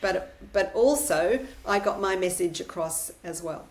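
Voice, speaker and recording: A woman's voice: on the low side, measured pace, a little mellow. A middle-aged woman journalist, a guest on an interview podcast, telling her story in a candid, forthright way.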